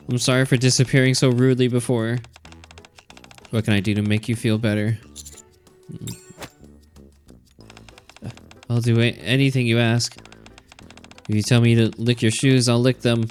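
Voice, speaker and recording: A man's voice: medium pitch, darkish tone, natural voice. A man reading aloud as an anxious young woman in a game story; she stammers and apologizes over and over.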